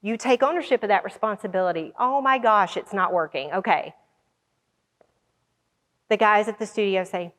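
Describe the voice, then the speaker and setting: A woman who organizes conferences tells an animated story about her own work, acting out the lines other people said. She speaks in a mid-range voice at a moderate pace with long pauses, and there is a long reverb tail.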